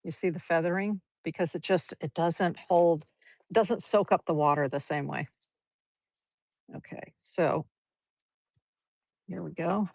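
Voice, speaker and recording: A woman's voice: lowish voice, unhurried, vocal fry, pauses often, a little mellow, no echo. A woman leading a live brush painting demonstration, chatty and encouraging as she talks through each stroke. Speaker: art teacher. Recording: dull, lo-fi livestream audio.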